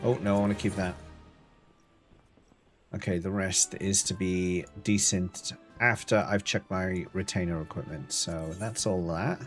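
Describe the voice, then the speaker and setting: A man's voice: low voice, fairly even intonation, unhurried, soft background music. A man streaming a video game, chatting casually, reading out and answering chat with playful asides. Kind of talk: casual live-stream chat while gaming.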